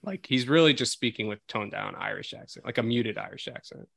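Bright, chatty podcast co-host man. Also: fairly low pitch, brisk, creaky, no room sound. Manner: animated, laughs often, rambling with fillers. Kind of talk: casual film podcast chat.

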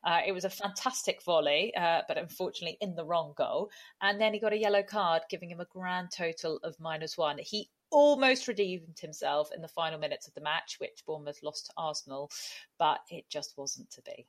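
A woman's voice: lowish voice, brisk. A woman co-hosting a casual football podcast, chatty and teasing, often laughing. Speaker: podcast co-host. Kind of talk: casual chat.

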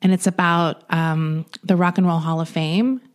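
A woman with a lowish voice chats casually on a podcast. She rambles through her recommendation with plenty of fillers and laughs easily. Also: fairly even intonation, moderate pace, smooth. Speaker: podcast co-host. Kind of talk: casual chat.

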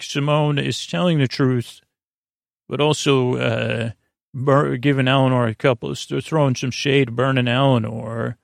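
A man hosting a sleep podcast, giving a meandering, low-key, halting recap of a TV episode. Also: gravelly, no room sound, studio quality. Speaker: podcast host. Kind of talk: rambling bedtime episode recap.

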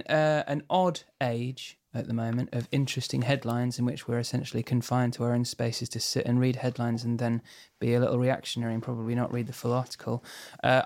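A man's voice: medium pitch, a little mellow. Dry, wry male radio host. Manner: dry, wry, rambling asides. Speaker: radio show host and band member. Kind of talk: casual radio chat.

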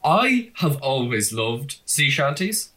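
A man's voice: mid-range voice, big pitch swings, takes it slowly, bright, forceful tone. A man co-hosting a podcast, chatting casually and telling jokes. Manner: jokey, chatty storyteller. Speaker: podcast co-host.

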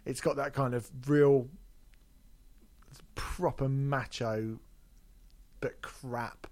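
A man's voice: medium pitch, fairly even intonation, very slow, darkish tone. A man on a podcast, casually chatting about an album, sweary and sarcastic, laughing often. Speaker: podcast co-host. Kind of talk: casual chat reviewing an album.

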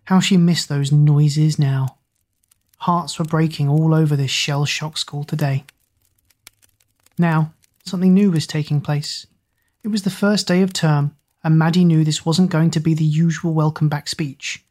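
A woman narrating an audiobook in a steady, expressive storytelling manner. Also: sits low, a little slow.

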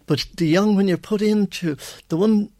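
A man's voice: sits high, normal speed, mellow, no room sound, clean studio sound. An older man with an Irish accent, a guest on a radio show, telling rambling anecdotes full of restarts. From Ireland. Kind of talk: radio interview.

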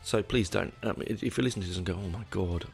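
A man's voice: lowish voice, rapid-fire, vocal fry, soft background music. A middle-aged man hosting a casual solo podcast, rambling and candid, correcting himself often, with dry asides. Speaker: podcast host.

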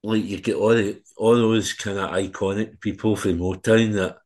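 A low-pitched man hosts a casual podcast interview. His questions ramble, with plenty of "kinda" and "um". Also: fairly even intonation, moderate pace, darkish tone. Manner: loose, filler-heavy questions. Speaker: podcast host.

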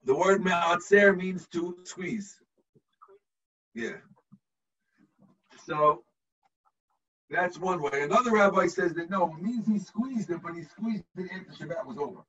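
A rabbi teaches his class over a video call, walking through the text step by step and checking that everyone follows. His voice sits high and husky. The sound is distant and muffled. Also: a little slow, long pauses, pushed and bright. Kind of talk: explaining a text to students.

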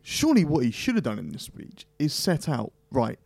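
A man presenting a panel discussion, asking quick, challenging questions. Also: a little high, huge pitch swings, gravelly, a little mellow, dry recording, studio quality.

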